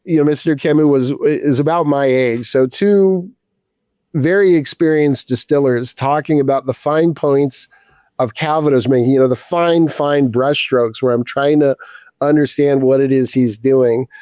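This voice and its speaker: A man's voice: mid-range voice, unhurried, dark tone, clear, resonant tone, no room sound. Male, 50s, distiller guest; rambling casual storyteller, mid-range voice, dry close sound. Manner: rambling, with many restarts and casual swearing.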